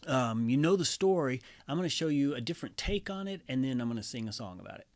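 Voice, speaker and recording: Chatty male storyteller, mid-pitched. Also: lively intonation, quick pace. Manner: conversational, with fillers and asides. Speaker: storyteller and songwriter. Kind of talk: casual storytelling talk.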